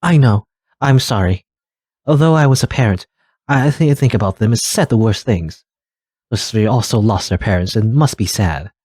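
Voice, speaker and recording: A man's voice: fairly low pitch, animated, normal speed, a little mellow, slightly rough, dry recording, clean studio sound. A man reading as a distraught grieving villager. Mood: remorseful. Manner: anguished, self-blaming.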